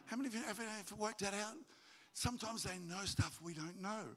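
A man preaching a sermon to his congregation, animated and jokey, acting out stories in high voices. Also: brisk. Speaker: pastor. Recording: reverberant hall.

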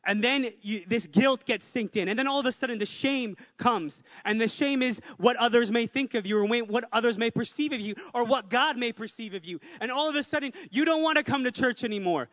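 A man's voice: very high-pitched, a little fast, hardly any pauses, a bit bright, big-room sound, highs cut off. A man preaching a sermon with energy, repeating phrases for emphasis and adding joking asides. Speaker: pastor.

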